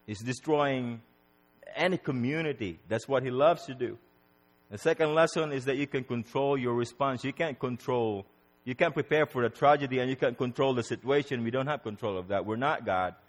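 A man preaching a sermon in an animated way, acting out prayers and quotes, often repeating words and restarting phrases. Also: big-room sound. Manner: animated, acts out prayers and quotes with rising pitch.

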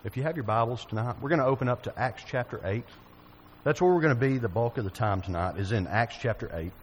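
A man's voice: medium pitch, fast talker, a little hiss or hum, low-quality recording. A man preaching a sermon, telling a folksy personal story and asking his listeners questions.

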